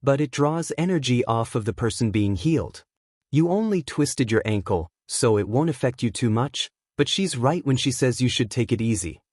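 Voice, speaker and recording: A man voicing a gentle, caring teenage boy hero in a slightly raised voice. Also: medium pitch, animated, moderate pace, no echo, studio quality, lightly acted.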